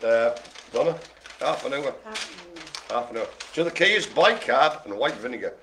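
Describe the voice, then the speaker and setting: Jokey man calling bingo, lively bright voice. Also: mid-range voice, normal speed, slight background noise. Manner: jokey, rambling asides between calls. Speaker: bingo host. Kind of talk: live-streamed bingo calling with banter.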